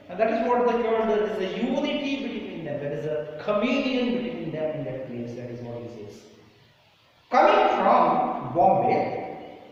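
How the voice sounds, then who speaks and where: Male teacher, high and lively, questions the class often; distant, echoey, lo-fi hall sound. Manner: animated, questioning, repeats phrases. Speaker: English teacher. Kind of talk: classroom lesson explanation. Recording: echoey, distant, dull room recording.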